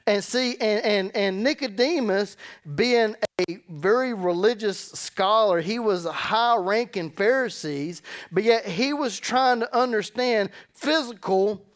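A man's voice: high voice, unhurried. Emphatic male pastor preaching a sermon. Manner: emphatic, conversational preaching with repeated words. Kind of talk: sermon with scripture reading. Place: church service.

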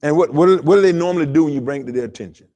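A man's voice: a little high, rapid-fire, warm tone. A man preaching a sermon as pastor, calling on the congregation to talk back and repeating words as he builds emphasis. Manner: call-and-response preaching to a congregation; stammering repetitions while building emphasis.

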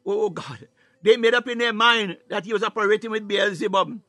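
A man preaching a fervent sermon, filling every pause with "my God" and "hallelujah" and sometimes breaking into tongues and shouts. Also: high voice, no room sound. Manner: bursts into tongues, rising to shouts.

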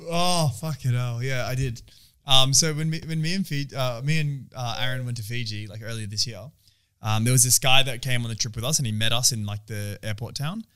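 Young aussie guy, rambly, talks fast, swears a lot. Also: medium pitch, a bit bright, clean tone. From Australia. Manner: rambling storyteller, lots of fillers. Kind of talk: casual chat with friends, swearing.

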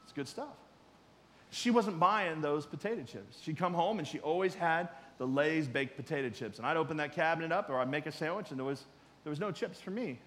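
High-voiced preacher man in a reverberant hall. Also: expressive, brisk. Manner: conversational preaching, swinging from loud emphasis to quiet asides. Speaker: pastor. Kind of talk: sermon.

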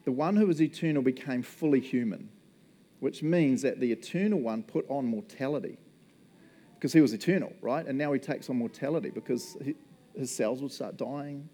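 Mellow-voiced New pastor, chatty and jokey. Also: male voice, medium pitch, moderate pace. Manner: chatty and jokey, laughs often, acts out little quoted voices. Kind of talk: casual conversational sermon.

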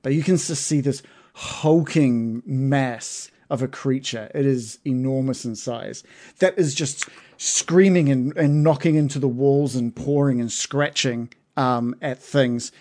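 A man's voice: mid-range voice, measured pace, mellow. A man narrating as game master of a tabletop game, hesitant, with many fillers and restarts.

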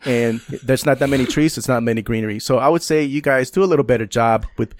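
A man's voice: medium pitch, fast. A young man from California, a podcast guest, chatting casually with lots of laughter and swearing. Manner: laughing, animated storyteller, swears freely. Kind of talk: casual chat.

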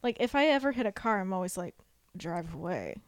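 Chatty woman, bright and close. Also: fairly high pitch, rapid-fire, clean tone, dry recording. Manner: chatty, acts out quotes with laughter. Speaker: podcast co-host. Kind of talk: casual book club chat.

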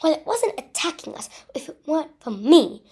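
A woman's voice: high-pitched, big pitch swings, normal speed, darkish tone, pitched above the performer's own voice. A woman reading aloud as a clever, bossy teenage girl witch who scolds her friend. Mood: scolding. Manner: commanding, scolding. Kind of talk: storybook reading.

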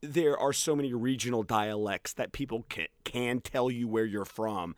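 Speaking at a normal speed in a medium pitch, this man from the United States teaches English and is casually discussing a film. He's lively, laughs a lot, and puts on mock voices to quote lines; there's no echo on the recording.

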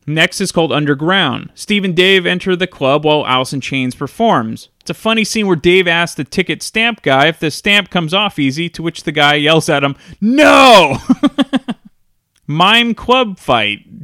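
Bright chatty guy doing a laid-back film review, laughs a lot, dry close mic. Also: fairly high pitch, animated, moderate pace, few pauses, dry recording. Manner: chatty, laughs often while recapping.

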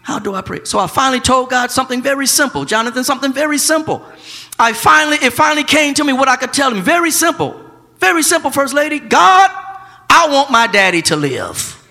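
A male pastor, preaching a sermon that swings from quiet, close talk to shouting. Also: extremely high pitch, quick pace, long reverb tail.

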